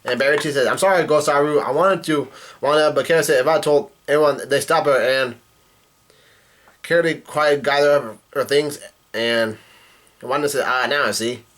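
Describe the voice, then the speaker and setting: A man's voice: mid-range voice, normal speed, a bit bright. A man casually reading comic dialogue aloud and breaking in with profane asides. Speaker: manga reaction youtuber.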